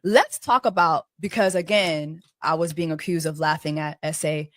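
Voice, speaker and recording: A woman co-host telling stories in a sassy, expressive way during a casual chat. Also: sits low, normal speed, no room sound, studio quality.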